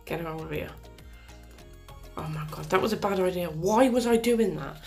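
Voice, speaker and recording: A woman's voice: lowish voice, moderate pace, pauses often, a little mellow. Woman, gameplay commentary, chatty and exasperated, mild swearing, faint music behind. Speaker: gaming commentator.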